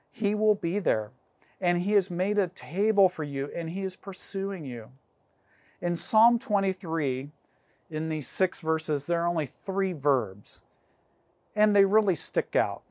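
A man preaching a sermon as pastor, earnest and measured, slowing down and pausing to stress key phrases. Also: fairly high pitch, a little mellow, dry recording.

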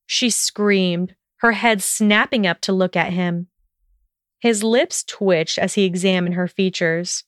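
Slow, smooth-voiced woman reading a story. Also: medium pitch, no room sound, studio quality. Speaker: narrator.

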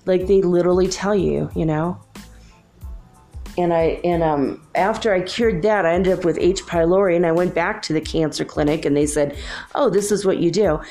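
Rambling, chatty woman with a mellow voice. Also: lowish voice, moderate pace, faint music behind. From Minnesota. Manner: rambling, chatty, laughs often. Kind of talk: casual spiritual musing.

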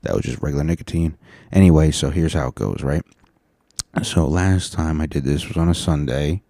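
A man hosting a casual solo podcast, tired and rambling, profane, sometimes breaking into loud rants, speaking into a mic on a stand. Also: rumbling low, normal speed, gravelly, no echo, studio quality. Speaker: podcast host. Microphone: studio mic on a stand.

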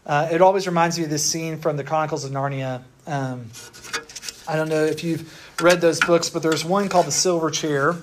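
A man preaches in a relaxed, conversational way and speaks in a slightly higher register. He drops fillers and asks "right?" as he goes, sounding more like a talk among friends than a formal sermon. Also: moderate pace, slight background noise. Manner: casual and chatty, with lots of fillers and tag questions.

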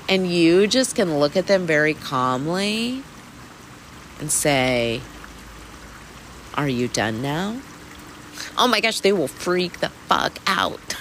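This weekly mindfulness host has a medium-pitched, slightly bright voice and talks in a casual, candid, reflective self-help style, laughing and cursing now and then. Rain falls in the background of a rough recording with a little hiss or hum.

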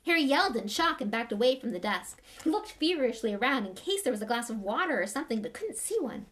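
Woman reading a novel aloud, expressive. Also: a little high. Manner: expressive, measured storytelling. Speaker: reader.

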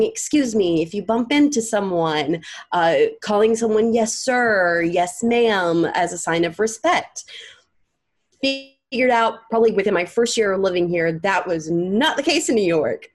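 A young woman with a light Southern accent, speaking as a guest in a relaxed interview. She tells stories with ease and slips into the voices of the people she describes. Her voice sits at a middle pitch. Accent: light Southern American. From American South. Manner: storytelling, acts out quoted people. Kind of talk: casual interview chat.

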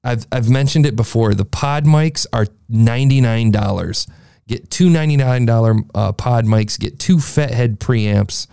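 Gravelly-voiced man giving a rambling podcast review. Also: medium pitch, normal speed, mellow, no room sound, clean studio sound. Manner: rambling, enthusiastic, talks in circles. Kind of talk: casual review commentary. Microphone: processed studio mic, beefy sound.

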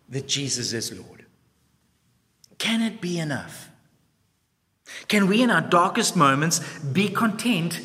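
Man preaching in an echoing hall. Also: high voice. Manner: expressive storytelling, acts out voices; reflective rhetorical questions. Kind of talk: sermon. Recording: long reverb in a large hall.

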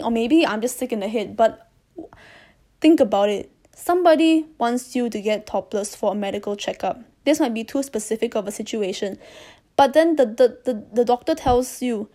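A young woman from Malaysia tells a personal story straight into a close mic, rambling and candid, with frequent swearing and exasperated asides. Her voice sits a little high yet sounds mellow and warm. Her loud breathing is clearly audible between phrases. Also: moderate pace. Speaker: vlogger. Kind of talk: casual storytelling monologue.

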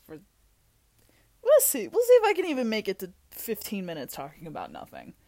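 A young woman vlogging in a rambling, scattered way, goofy and self-mocking, with sudden loud outbursts. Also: mid-range voice, huge pitch swings, quick pace, creaky. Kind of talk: rambling casual monologue.

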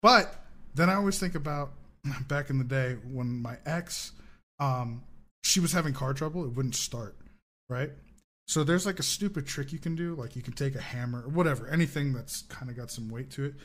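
A man in his thirties co-hosting a casual podcast, an animated storyteller who swears freely and laughs often. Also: mid-range voice, normal speed. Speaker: podcast co-host.

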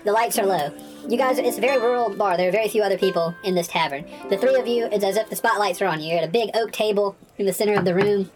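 A woman's voice: medium pitch, fast, a little mellow, soft background music, low-quality recording. A woman narrating as game master in a casual, chatty, laughing way.

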